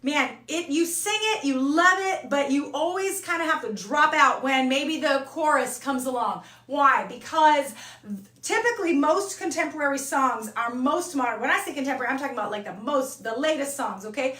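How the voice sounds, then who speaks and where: A woman's voice: sits high, lively intonation, normal speed, fairly bright tone, echoey room, far from the mic. A woman voice coach teaching an online singing lesson, talking casually and checking in with "okay?" and "all right?" between points.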